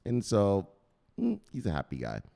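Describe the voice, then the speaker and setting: A man's voice: fairly low pitch, wildly swooping pitch, normal speed, gravelly, dark tone. Joking, profane male crypto vlogger. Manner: profane, joking, laughs often. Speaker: crypto news host. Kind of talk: casual vlog commentary.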